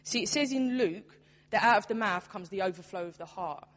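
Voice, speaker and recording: A woman's voice: mid-range voice, brisk. Woman preaching in an echoing church. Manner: earnest, conversational preaching with quoted dialogue. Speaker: church youth worker preaching. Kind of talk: sermon. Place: church hall. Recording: long hall reverb.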